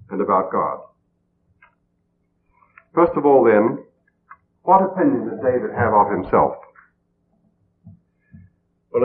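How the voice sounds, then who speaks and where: Man, sermon, earnest and measured, rhetorical questions, tinny phone-like sound, faint hiss. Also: medium pitch. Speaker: preacher. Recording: tinny phone-like old radio broadcast.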